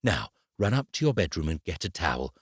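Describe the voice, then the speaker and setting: A man doing a brisk older grandmother. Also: low-pitched, sing-song, breathy edge, no room sound, studio quality, exaggerated voice. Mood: calm.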